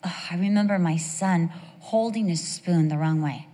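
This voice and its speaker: Middle-aged lady preaching, low-ish voice, tells stories and throws questions at the crowd, long hall echo. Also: normal speed, dark tone. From United States. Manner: chatty, storytelling, asks the audience questions. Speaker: women's devotional speaker. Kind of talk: sermon with personal stories. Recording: long reverb of a large hall.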